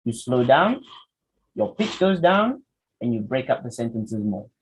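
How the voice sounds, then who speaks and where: Guy running a speaking workshop, pitch jumps all over, asks the class stuff. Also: measured pace, breathy edge. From Malaysia. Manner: lively, demonstrative, asks the audience questions. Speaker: public speaking trainer. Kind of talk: workshop lecture.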